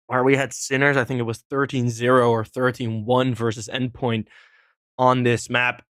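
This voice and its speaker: A man's voice: mid-range voice, a bit bright, no echo, clean studio sound. A man casting a competitive shooter match alone, rambling casually between plays with fillers and small laughs. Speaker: esports caster. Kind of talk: solo live game commentary.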